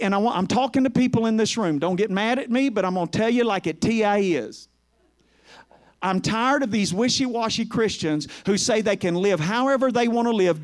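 A man preaching a sermon to a congregation, fervent and swinging between hushed, emotional passages and loud calls to the crowd. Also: high voice. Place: church with a congregation.

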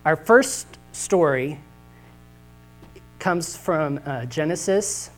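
A man's voice: on the high side, very slow, soft background music, poor audio. A man preaching a sermon with humorous, folksy storytelling at a church service. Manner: animated, jokey, folksy.

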